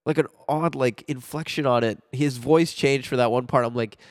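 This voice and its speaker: A man's voice: mid-range voice, normal speed, no room sound, clean studio sound. A man co-hosting a casual movie podcast, laughing often and acting out quoted lines. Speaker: podcast co-host. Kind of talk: casual movie review chat.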